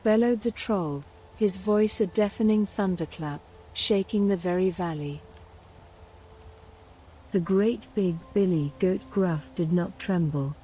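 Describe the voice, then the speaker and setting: A woman telling a folktale in a soft, hushed, soothing whisper as a bedtime storyteller. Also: mid-range voice, slow pace, slight background noise, rough recording.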